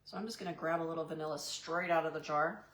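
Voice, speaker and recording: Low-voiced chatty woman hosting a craft stream. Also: quick pace, fairly bright tone, reverberant. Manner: chatty and goofy, answers live chat by name; says "y'all" to viewers. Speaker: craft live-stream host. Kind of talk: live painting demo, chatting with viewers.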